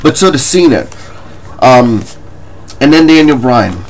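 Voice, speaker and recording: A man's voice: mid-range voice, expressive, measured pace, low-quality recording. A man ranting in a wrestling commentary vlog, profane, combative and mocking, with scoffing laughs between points.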